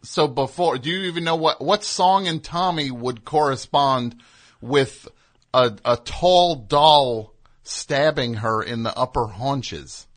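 Unhurried, dry-voiced radio host. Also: male voice, medium pitch. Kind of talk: comedic radio banter.

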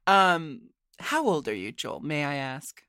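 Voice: medium pitch, sing-song, measured pace, sharp tone, clean tone. An interview host who asks questions hesitantly, with many fillers, and laughs easily. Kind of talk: casual interview chat.

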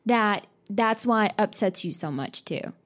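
A young woman co-hosting a podcast in casual chat, calm and reassuring as she finishes her friend's sentences. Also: medium pitch, measured pace. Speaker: podcast co-host.

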